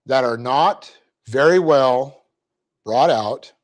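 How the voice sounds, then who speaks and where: A man teaching a Bible class, dictating the verse and its punctuation slowly and adding joking asides. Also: medium pitch. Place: church classroom.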